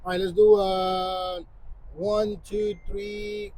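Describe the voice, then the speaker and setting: A man's voice: high voice, level tone, slow, a little mellow, a little hiss or hum, poor audio. A man co-hosting a casual podcast with his brother at a plant nursery, joking loosely and talking over him. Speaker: podcast co-host. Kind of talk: casual chat. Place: plant nursery beside a shed. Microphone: small cheap mic.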